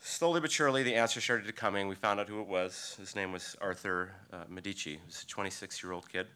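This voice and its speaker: A man, a local surfer, telling a personal story live on stage, in a vivid, halting way that swings between excited bursts and hushed passages. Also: deep voice, clean tone. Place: live storytelling event before an audience.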